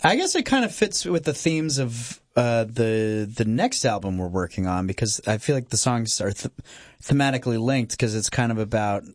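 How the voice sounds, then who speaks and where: A man's voice: medium pitch, sing-song, normal speed, no room sound. A man being interviewed on radio about his band, chatty and rambling with lots of fillers and laughs. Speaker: band frontman guest.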